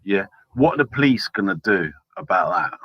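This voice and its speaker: A man's voice: medium pitch, very animated, moderate pace, gravelly, husky, no echo, dull audio. A man calling into a stream on his laptop mic, cheeky and teasing, calling everyone mate. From London. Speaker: caller on a stream. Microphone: laptop held in front of face.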